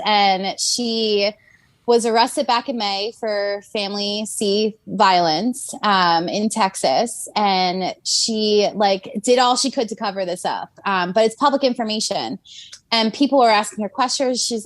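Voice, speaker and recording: A woman's voice: medium pitch, no room sound. A woman guest on a podcast, chatting casually and filling her talk with "like" and "um". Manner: chatty, uses lots of "like" and "um". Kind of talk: casual gossip chat.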